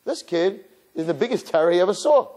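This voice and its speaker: A rabbi delivers a sermon in a lively, storytelling style. His voice sits fairly high and swings widely as he talks. His tone is husky. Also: fairly quick. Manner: animated storyteller who acts out his characters.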